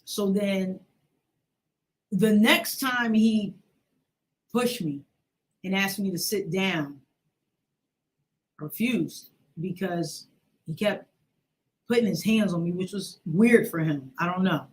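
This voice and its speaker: A woman's voice: mid-range voice, takes it slowly, long pauses. A woman in her forties, hosting a show, telling a personal story with emotion and acting out the voices in it. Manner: emotional, acts out quoted voices. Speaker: host.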